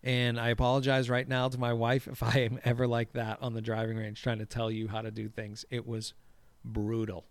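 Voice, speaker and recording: A man in casual chat about golf, swearing freely and telling stories with lively energy. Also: medium pitch, normal speed, no room sound. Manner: profane, animated storyteller. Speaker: podcast co-host.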